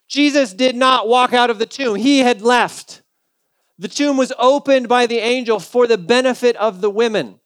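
A man's voice: very high voice, moderate pace, a bit bright, clear, resonant tone, no echo. A male pastor preaching a sermon in a conversational, humorous storytelling way.

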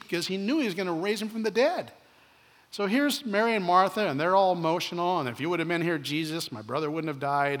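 A male pastor preaching an earnest sermon, slowing down to stress key points and dropping to soft, quiet asides. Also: on the high side. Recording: reverberant hall.

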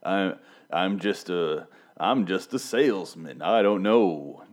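A man doing an impression of a sly, devilish, well-dressed salesman in a slow, drawn-out old radio voice. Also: low voice, animated. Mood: sly menace.

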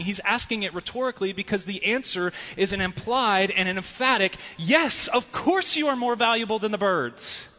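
A man preaching a sermon as pastor, conversational with rhetorical asides, swinging from loud and animated to hushed. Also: high voice. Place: church sanctuary. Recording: long reverb of a large hall.

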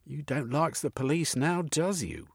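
A man's voice: fairly high pitch, unhurried, slightly rough, no room sound, studio quality, voice pushed up. A man voicing a timid young working-class woman who speaks in broken grammar. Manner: broken grammar, plain-spoken.

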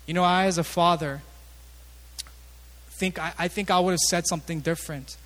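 High-voiced man preaching in a reverberant hall. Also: normal speed, long pauses. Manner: conversational, joking asides, animated emphasis. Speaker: pastor. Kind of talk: sermon. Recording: long reverb of a large hall.

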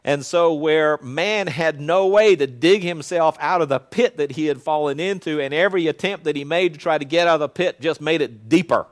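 A male pastor preaching a sermon in an earnest, conversational way that swells into loud proclamation. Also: fairly high pitch, moderate pace, few pauses.

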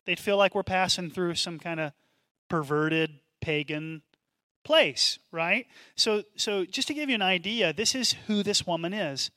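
A man preaching a sermon as pastor, in an animated, conversational way with asides. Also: sits high, a little slow, no room sound.

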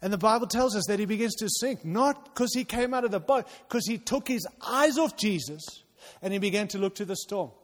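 A male pastor preaching a sermon to his church, urging loudly at times and dropping to quiet intensity at others. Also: high voice, animated, fairly quick. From outside the United States. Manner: impassioned, swings between loud urging and quiet intensity. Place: church hall. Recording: long reverb of a large hall.

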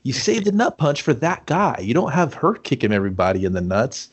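A man's voice: mid-range voice, big pitch swings, a little fast, husky, muffled recording. A man ranting casually about a movie as a podcast host, swearing heavily and laughing. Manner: ranting, profane, laughs often, mock voices.

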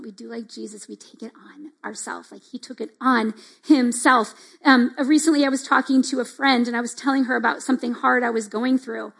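A woman's voice: high voice, vocal fry, a bit bright. A middle-aged woman giving a devotional teaching talk in a conversational way, with many asides like "like" and "right?", and acting out the reactions she describes. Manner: acts out quoted reactions. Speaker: church speaker.

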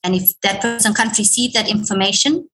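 A woman speaks as a guest consultant in a relaxed interview, her voice sitting at a middle pitch. She talks in a measured way, sometimes repeating a word while she finds the next thought. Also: over music. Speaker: workplace and career consultant guest. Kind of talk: conversational interview answers.

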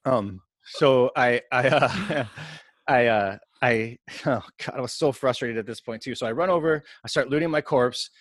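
A man's voice: medium pitch, moderate pace, no room sound, clean studio sound. Rambling storytelling podcast host, man. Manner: rambling, animated, self-interrupting storyteller. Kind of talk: casual storytelling chat.

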